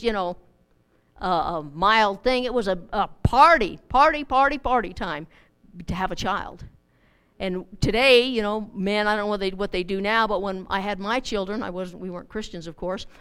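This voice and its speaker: A woman's voice: on the high side, a bit bright, smooth. A middle-aged woman teaching a Bible study in a chatty, informal way, repeating words as she goes.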